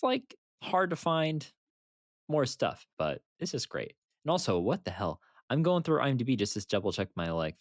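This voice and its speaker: A man co-hosting a casual podcast, animated and laughing often as he retells funny movie moments. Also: mid-range voice, no room sound, clean studio sound. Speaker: podcast co-host. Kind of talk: casual chat.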